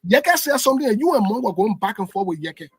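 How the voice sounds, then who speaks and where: A man's voice: high voice, big pitch swings, fast talker, breathy edge. A man, arguing a constitutional point in a heated political debate and insisting on finishing his point. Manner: insistent, holds the floor with repeated no's. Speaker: political commentator.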